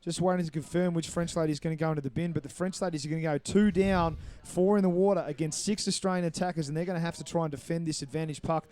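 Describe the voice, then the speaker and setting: Male play-by-play commentator, warm and smooth, slightly high voice, brisk explanatory calls. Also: steady tone. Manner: brisk, explanatory, apologetic over names. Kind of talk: live sports commentary.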